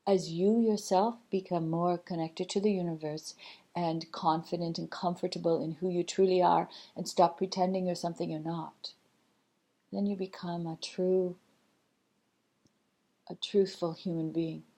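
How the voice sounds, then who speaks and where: A woman channeling a calm teaching spirit. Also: fairly low pitch, pitched below the performer's own voice. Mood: gentle teaching. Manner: slow, measured, gently instructive, many pauses. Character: collective loving spirit guide, calm and teaching.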